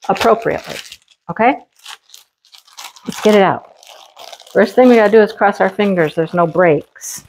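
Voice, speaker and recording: A chatty middle-aged woman talks through a craft unboxing in a casual, lively way. Her voice sits in a middle pitch and keeps jumping up whenever she is delighted. She also breaks off to talk to her pet. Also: poor audio. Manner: lively and enthusiastic, quick laughs. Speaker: craft vlogger.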